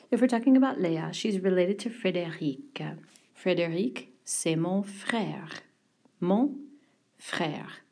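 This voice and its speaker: A woman teaching a French vocabulary lesson, mixing English explanations with slow, carefully pronounced French words. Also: lowish voice, mellow, slightly rough.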